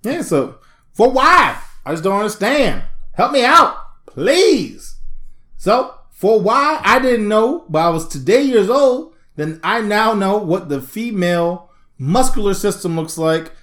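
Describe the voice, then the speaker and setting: A man's voice: high voice, sing-song, unhurried, fairly bright tone. A man co-hosting a casual comedy podcast, talking in loose slang. His voice swings up and down a lot as he acts out the people in his stories. He breaks into laughter often. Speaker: podcast co-host.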